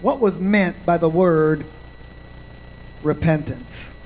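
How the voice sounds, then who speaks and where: A male pastor preaching a sermon, slow and deliberate, punctuating points with amens. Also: on the high side, a little mellow, a little hiss or hum, rough recording.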